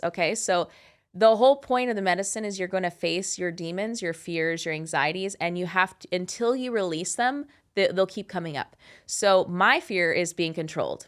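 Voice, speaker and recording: Woman in her thirties, casual storytelling, lowish voice, smooth clear tone, candid and profane. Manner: animated, candid and profane, with many "like" fillers. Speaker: host.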